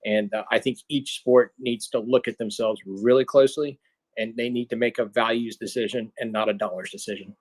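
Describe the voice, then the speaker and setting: An American man speaking in a live audio chat, giving an earnest, measured opinion. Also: medium pitch, fairly even intonation, no room sound, rough recording. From United States. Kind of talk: casual live audio discussion.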